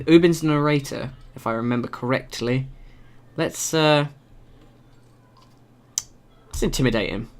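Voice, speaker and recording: Guy rambling through a game, joking at himself, bright sharp voice, kinda high. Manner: rambling, self-mocking, jokey. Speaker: let's play host. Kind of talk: casual game commentary.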